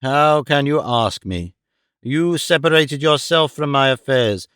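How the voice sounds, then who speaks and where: A man's voice: medium pitch, expressive, fairly bright tone, clean tone, dry recording, clean studio sound. A man reading as a stern, cold older mother. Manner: severe, measured, reproachful. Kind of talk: audiobook character voice.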